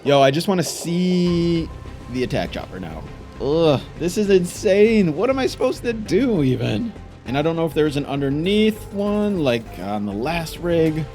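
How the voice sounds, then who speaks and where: Frantic, excitable man gaming. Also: a little high, measured pace, soft background music. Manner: frantic, exclaiming, frustrated. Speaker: gaming YouTuber. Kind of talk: live gameplay commentary.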